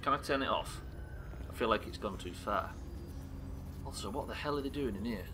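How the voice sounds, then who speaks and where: A man from the UK streaming a game live, swearing often and reacting loudly between muttered asides. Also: on the low side, expressive, normal speed, very noisy. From United Kingdom. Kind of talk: live gameplay commentary.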